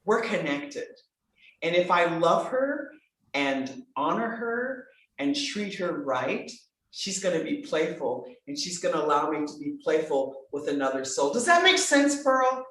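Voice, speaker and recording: A woman voice coach in conversation on a podcast, emphatic and animated, swinging between bright exclamations and soft earnest asides. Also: lowish voice, a little slow. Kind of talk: enthusiastic conversational podcast talk. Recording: very echoey room.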